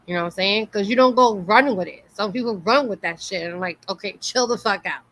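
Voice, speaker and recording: A woman's voice: mid-range voice, a little fast, a bit bright. A woman hosting a casual interview, upbeat and encouraging, with plenty of slang. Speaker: interview host. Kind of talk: casual chat.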